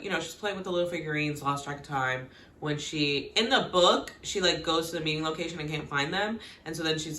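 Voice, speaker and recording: A woman giving a casual, gossipy recap of a TV episode. She talks in a chatty way with lots of "like" and quick laughs, and she acts out the characters' lines as she goes. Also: deep voice, pushed and bright, reverberant, a little hiss or hum. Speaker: TV recap vlogger.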